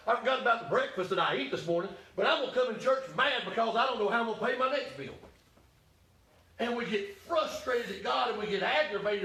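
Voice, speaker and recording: Male preacher, high voice, folksy and emphatic, heard from a distance in a roomy church. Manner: voices Elijah's complaints in first person, rising to shouts. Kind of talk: sermon.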